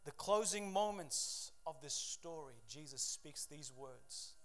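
Man preaching, loud then hushed. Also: a little high, lively intonation, slow. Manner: swings from loud preaching to hushed, quiet telling. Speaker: pastor. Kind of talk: sermon.

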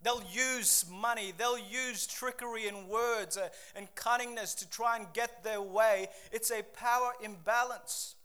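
A man preaches a sermon. He talks to his congregation in a casual way, jumps into quick asides and acts out quotes. His delivery is animated and direct. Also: high voice, clear, resonant tone. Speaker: pastor.

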